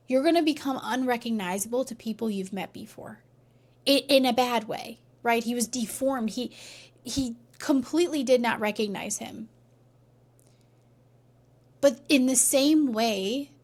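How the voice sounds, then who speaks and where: A woman coach telling a faith-based story in casual talk, often checking in with "right?" and dropping to near-whispers at emotional points. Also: on the high side. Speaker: relationship coach.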